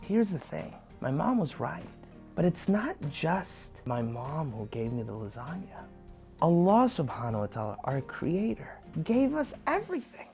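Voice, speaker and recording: Animated man telling a kids' story. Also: fairly high pitch, a little slow, gravelly, soft background music. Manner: animated, playful. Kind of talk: storytelling for children.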